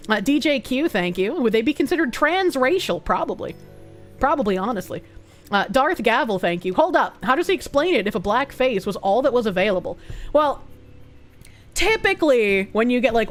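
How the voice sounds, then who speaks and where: A woman live streamer in casual chat, reading out donations and thanking viewers in a loose, profane way and laughing often. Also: fairly high pitch.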